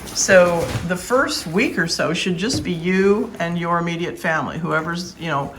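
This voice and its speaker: Woman dog breeder, lowish voice, firm and emphatic, casual vlog, faint room noise behind. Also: normal speed. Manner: firm, plain-spoken, emphatic.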